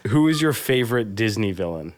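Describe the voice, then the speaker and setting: A man's voice: fairly low pitch, animated, a little fast. Upbeat man asking questions. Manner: upbeat, laughs easily, asks questions. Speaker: podcast co-host. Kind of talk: casual interview chat.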